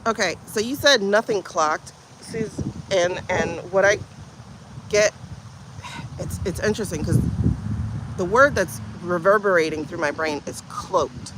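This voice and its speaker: A woman hosting a spiritual livestream, talking in an emotional, halting way and often repeating herself. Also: fairly low pitch, noisy background. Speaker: livestream host, intuitive reader. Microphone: phone livestream.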